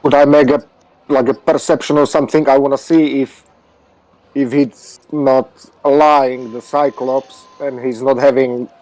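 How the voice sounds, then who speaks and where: A man's voice: medium pitch, little pitch movement, measured pace, a little mellow, poor audio. A man playing a tabletop game, asking questions eagerly and casually. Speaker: player.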